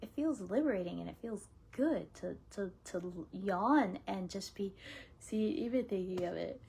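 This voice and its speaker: A woman teaching laughter yoga in a casual, gentle coaching way, often dropping into whispers and playful laughs. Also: medium pitch, expressive, measured pace, creaky, slightly rough. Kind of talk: casual spoken guidance.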